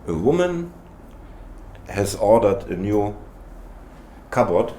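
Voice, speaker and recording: A man's voice: lowish voice, big pitch swings, takes it slowly, warm tone, a little hiss or hum. Man telling a joke with acted voices. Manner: tells jokes with acted voices, tags sentences with "no?". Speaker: spiritual teacher guest. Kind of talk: casual storytelling.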